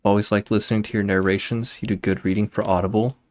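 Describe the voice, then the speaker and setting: A young man with a lowish voice chatting on a game stream. He rambles from tangent to tangent in a laid-back way and swears without thinking about it. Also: level tone, fast. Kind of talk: casual chat while streaming a game.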